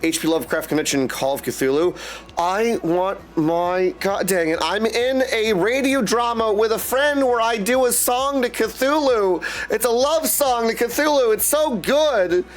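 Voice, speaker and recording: High-voiced, chatty male streamer. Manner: chatty and effusive, greets viewers by name, keeps saying "my dude". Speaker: live streamer and game host. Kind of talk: casual live-stream chat.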